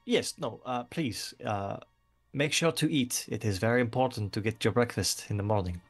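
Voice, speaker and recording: A man's voice: medium pitch, normal speed, soft background music, lightly acted. A man voicing an insistent male mage professor in a put-on French accent, stammering and pushy.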